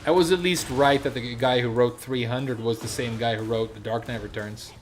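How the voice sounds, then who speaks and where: A man's voice: medium pitch, steady tone, normal speed, soft background music. A young man streaming a game, chatting loosely with lots of fillers and casual swearing. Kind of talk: casual chat while gaming.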